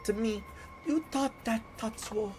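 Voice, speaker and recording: A woman's voice: a little high, unhurried, noisy background, voice pushed up, natural voice. A woman voicing a grandiose foreign pop diva who speaks broken, inverted English in a put-on French accent, with a dramatic, flowery manner. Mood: earnest.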